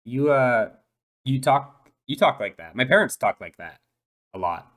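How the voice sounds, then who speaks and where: A man's voice: medium pitch, expressive, measured pace, a bit bright, voice pushed up. A man playing a shy dolphin boy. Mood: shy, earnest. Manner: hesitant, full of ums and restarts. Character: shy eight-year-old dolphin boy. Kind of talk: tabletop role-play voice acting.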